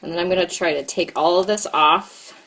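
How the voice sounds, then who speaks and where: A woman's voice: fairly low pitch, fairly even intonation, brisk, a bit bright. An American woman and mom hosting a casual live stream while cooking, chatting to viewers and her child at once. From United States. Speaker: host and mom.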